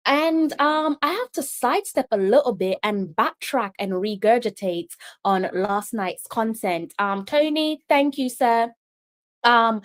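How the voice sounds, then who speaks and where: A woman hosting a live-streamed football talk show, chatty and emphatic, talking straight to her viewers and repeating herself for stress. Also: fairly high pitch. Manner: chatty, addresses viewers directly. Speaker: host.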